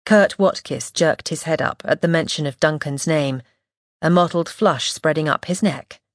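A woman reading a first-person audiobook in a measured, wry, observant way, close to the mic. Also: sits low, dry recording. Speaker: audiobook narrator.

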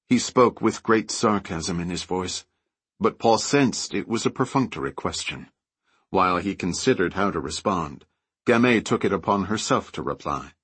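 A man narrating an audiobook in an even, measured reading. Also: deep voice, husky, dry recording. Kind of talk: scripted narration.

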